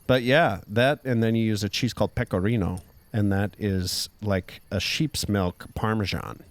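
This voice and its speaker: A man's voice: fairly low pitch, moderate pace. A man guesting on a podcast, curious and playful, joking around in casual chat.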